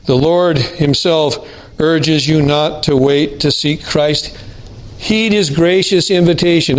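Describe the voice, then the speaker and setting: Earnest preaching man, higher voice. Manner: earnest, deliberate preaching with emphatic pauses. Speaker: pastor. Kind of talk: sermon.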